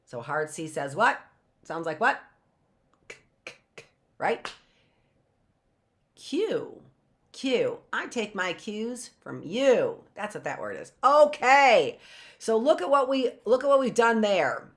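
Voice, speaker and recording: A woman teaching a phonics lesson, sounding out words slowly and repeating them, with playful asides. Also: medium pitch, sing-song, fairly bright tone. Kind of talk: phonics lesson for live online class.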